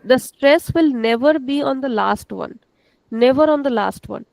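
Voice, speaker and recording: Woman, language teacher, slow patient delivery, gravelly voice, fairly high pitch, dry sound. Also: a little mellow, dry recording, rough recording. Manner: slow, patient, repeats words for students. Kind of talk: classroom language lesson.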